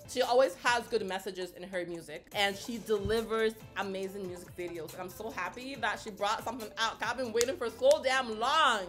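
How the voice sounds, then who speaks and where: Young woman from Canada, YouTube reactor, higher voice, gushing and excitable, faint music underneath. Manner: gushing, excitable, talks straight to viewers. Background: faint music from the video.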